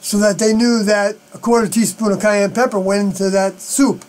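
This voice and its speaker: A man talking alone on a live stream, rambling and halting, with many fillers and unfinished sentences. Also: sits high, steady tone, a little mellow, rough recording. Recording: mains hum behind the voice.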